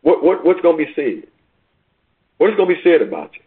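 Over a thin phone line, a man preaches with a brisk, very animated delivery, his high-leaning voice carrying a breathy edge. He repeats himself as the sermon climbs toward urgent, rising questions.

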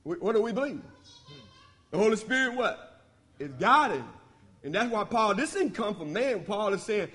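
High-voiced man preaching in an echoing hall. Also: expressive, normal speed. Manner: emphatic call-and-response preaching, swinging from loud to hushed. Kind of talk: sermon. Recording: long hall reverb.

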